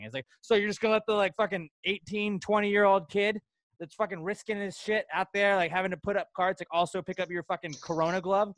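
A young man co-hosting a podcast, ranting loudly and angrily with lots of swearing. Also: high-pitched, fairly even intonation, quick pace, no room sound. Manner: profane, loud, angry ranting. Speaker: podcast co-host. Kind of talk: heated rant on a podcast.

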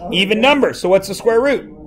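A man's voice: high voice, expressive, fairly quick, fairly bright tone. A male math teacher in a classroom, playfully quizzing his students and joking with them. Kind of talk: classroom lesson.

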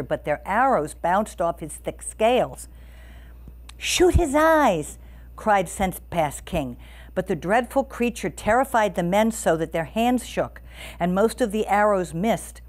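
A woman storyteller reads a picture book aloud with an expressive, animated delivery. Her pitch moves freely across a medium range, rising and falling with the tale.

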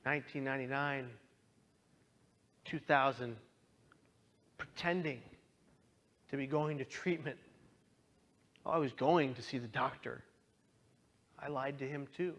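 A young man earnestly telling his own story as a talk, moving from quiet to impassioned. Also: medium pitch, a little slow, long pauses. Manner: earnest, swings from hushed to impassioned. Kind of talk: personal testimony talk.

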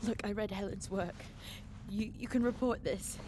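A woman's voice: mid-range voice, moderate pace, natural voice. An actress playing a frightened but determined female engineer in a game, speaking urgently and pleading. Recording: game audio with noise.

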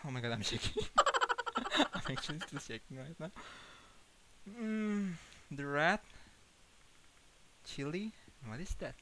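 A man's voice: on the high side, bright, forceful tone, slight background noise, poor audio. A man streaming a horror game, jumpy and nervous, laughing and muttering to himself.

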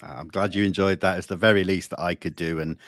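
A man hosting a live interview over a video call, talking in a relaxed, friendly way. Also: low voice, fast talker, no echo, clean studio sound. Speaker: host.

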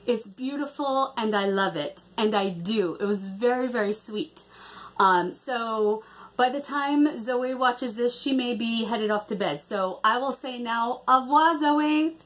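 A woman's voice: a little high, a little slow. A woman chatting casually in a craft vlog, hesitant with many ums and restarts. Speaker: cross-stitch vlogger.

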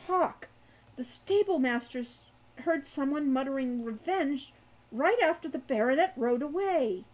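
A woman's voice: high-pitched, expressive, a little slow, darkish tone, voice pushed up. Falcon: woman reading an earnest young fighter. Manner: sincere, urging.

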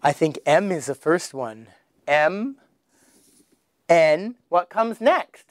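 A man teaching children their letters, slowly sounding out each one with exaggerated emphasis. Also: on the high side, lively intonation, dry recording, studio quality. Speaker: English teacher. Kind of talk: children's phonics lesson.

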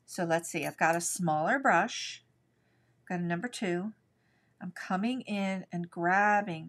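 A middle-aged woman leads a live art lesson, talking through each brushstroke in a relaxed, chatty way. She thinks out loud and answers viewers as she paints. Her voice sits at an ordinary middle pitch. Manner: chatty, thinks aloud while working. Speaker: art instructor.

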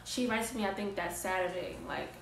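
A woman's voice: mid-range voice, moderate pace, creaky, slight background noise. Young woman telling a slangy story, roomy echo. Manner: casual, slangy, animated retelling. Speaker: vlogger. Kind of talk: storytime vlog. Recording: roomy echo, distant mic.

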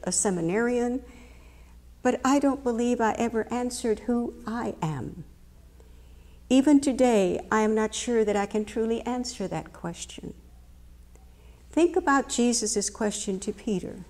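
A middle-aged woman preacher giving a sermon in a measured, emphatic way, repeating phrases for stress. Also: medium pitch, darkish tone. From United States.

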